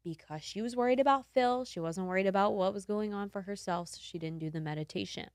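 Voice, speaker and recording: A woman in her twenties, a podcast host, telling a story in casual chat, animated and laughing, acting out the quotes. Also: medium pitch, fast talker, no room sound.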